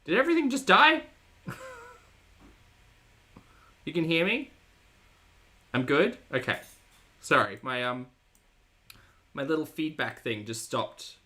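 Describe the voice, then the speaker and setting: A woman's voice: low voice, expressive, slow, pauses often, sharp tone. A woman hosting a livestream reaction show, chatty and sarcastic as she reads out chat messages. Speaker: reaction channel host.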